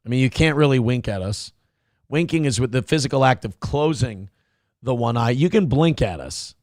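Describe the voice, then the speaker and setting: A man's voice: mid-range voice, lively intonation, moderate pace, darkish tone, dry recording, studio quality. A man hosting a live-streamed commentary show, rambling and joking crudely while reading out chat comments. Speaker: host.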